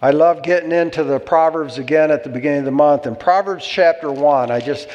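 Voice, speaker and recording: A man's voice: a little high, brisk, darkish tone, in a large hall, muffled recording. A man preaching a sermon as pastor, exhorting and calling for amens from the congregation.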